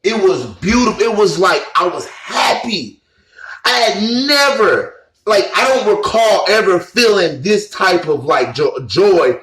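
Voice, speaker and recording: A man's voice: high-pitched, lively intonation, measured pace, fairly bright tone. A man telling a personal experience in a rambling, earnest way, full of fillers and restarts. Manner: earnest, emotional. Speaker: vlogger. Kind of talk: casual personal storytelling. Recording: echoey room.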